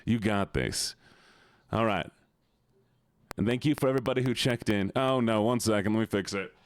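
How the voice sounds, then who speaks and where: A man's voice: lowish voice, a little fast. A man livestreaming, chatting playfully with his viewers and greeting them one by one. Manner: playful, teasing, greets chat by name. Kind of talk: casual live-stream chat.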